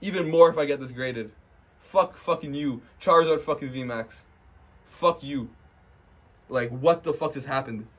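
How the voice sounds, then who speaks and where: Young adult male, mid-pitched, casual unboxing vlogger; profane, brash, excitable, recorded indoors at someone's house. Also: moderate pace. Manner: profane, brash trash-talk; excitable, swings into loud hype. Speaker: card-opening vlogger.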